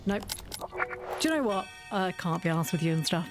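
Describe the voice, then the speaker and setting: A woman's voice: lowish voice, expressive, moderate pace, over music. Chatty, sarcastic woman streamer. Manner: chatty and sarcastic, often giggling. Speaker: game streamer. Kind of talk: casual chat while gaming.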